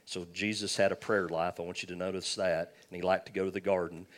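A man's voice: sits low, level tone, fast talker. A man preaching a sermon, telling a personal story and calling for amens. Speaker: pastor.

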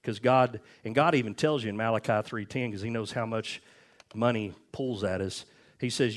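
Telling personal stories from the pulpit, a pastor preaches at a normal speed in a mid-range voice. He keeps the tone conversational, often turning to the congregation with "amen?" or "okay?".

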